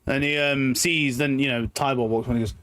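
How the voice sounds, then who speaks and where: A man's voice: medium pitch, steady tone, brisk, fairly bright tone, no room sound. Swearing, loose-talking game master man. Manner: loose, swearing, filler-heavy narration. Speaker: dungeon master. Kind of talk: narrating a tabletop game.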